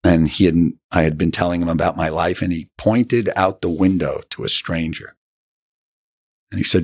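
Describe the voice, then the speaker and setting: A middle-aged man with a very low voice tells his life story in an earnest, unhurried way. He acts out remembered conversations as he goes. The sound is dry and close, with no room around it. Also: creaky, breathy edge, no room sound. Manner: earnest, acts out quoted dialogue. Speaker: author and interview guest. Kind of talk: reflective storytelling in an interview.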